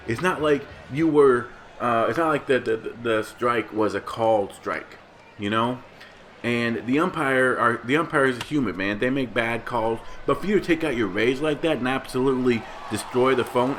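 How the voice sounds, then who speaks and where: A man's voice: medium pitch, a bit bright, slight background noise. Rambling, heated male vlogger rant. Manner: rambling, heated, many restarts. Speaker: gaming vlogger. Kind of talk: casual ranting commentary.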